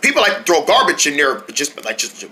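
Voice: medium pitch, very animated, a little fast, noisy background, lightly acted. A performer voicing a chatty, rambling heroic squirrel who acts as a big brother in a hobby toy-play story. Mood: playful.

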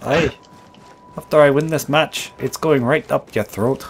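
A man's voice: mid-range voice, a little slow, slight background noise, natural voice. A man voicing a crude, taunting gamer persona in a put-on accent he admits is not his own, trash-talking through gameplay commentary. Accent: put-on accent he says is not his own. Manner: foul-mouthed, brash trash talk. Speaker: host.

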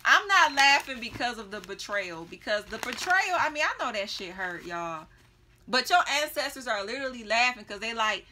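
A woman's voice: a little high, animated, normal speed, sharp tone, slight background noise. A woman giving a casual tarot reading, chatty and blunt, laughing often and swearing freely. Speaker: tarot reader.

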